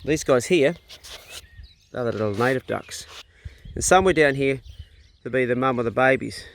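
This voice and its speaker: A man's voice: mid-range voice, animated, normal speed, creaky. A man chatting offhand about his dogs as he walks them on a farm, filmed on a handheld phone outdoors. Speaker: farm vlogger. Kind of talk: casual narration while walking.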